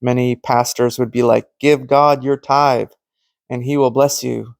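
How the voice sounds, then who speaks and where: A man's voice: medium pitch, level tone, a little slow, creaky, no echo. A man giving an informal, earnest preaching monologue, telling stories and acting out the conversations he quotes. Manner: storytelling that acts out quoted conversations. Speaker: Christian teacher.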